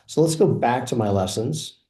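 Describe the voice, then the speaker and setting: A man walking through a software demo, explaining each feature in a relaxed, explanatory way. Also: mid-range voice, normal speed. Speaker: software presenter. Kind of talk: product demo walkthrough. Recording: roomy echo.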